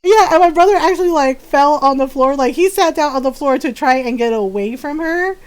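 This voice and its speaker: A woman livestreamer chatting casually while gaming, telling an animated family story and laughing often. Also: high-pitched, brisk, low-quality recording.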